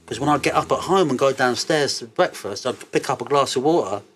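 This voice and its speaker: A man, an interview guest telling stories in a loose, sweary, animated way and laughing as he goes. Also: medium pitch, brisk, slight background noise. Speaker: interview guest, cannabis entrepreneur. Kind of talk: casual interview storytelling.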